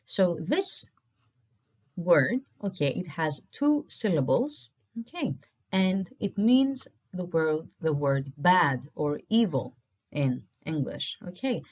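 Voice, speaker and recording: A woman teaches an online language lesson at a patient, steady pace, saying each word twice so learners can follow. Her voice sits a little low. The recording is dull and lo-fi. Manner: patient, repeats words slowly for learners.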